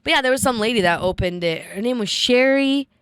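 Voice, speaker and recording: Brief: woman podcast co-host, loose rambling storyteller, smooth voice, dry close sound. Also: on the high side, animated, fairly quick, a bit bright, no room sound. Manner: rambling storytelling, heavy on "like", swears freely. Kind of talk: casual chat.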